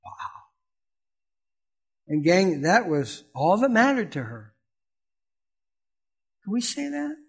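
A middle-aged male pastor giving a sermon. He talks conversationally, asks the congregation questions, and swings from loud exclamations to quiet asides. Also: high-pitched, big pitch swings, takes it slowly, long pauses.

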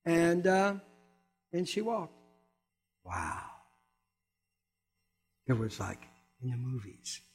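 An older man preaching, telling a humorous personal testimony with animated storytelling and quick asides. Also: medium pitch, slightly rough, soft background music.

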